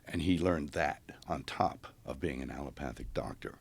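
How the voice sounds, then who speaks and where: Animated male storyteller, husky and dry, very low pitch. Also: normal speed, no room sound. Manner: animated storyteller, acts out quoted voices. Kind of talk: casual storytelling chat.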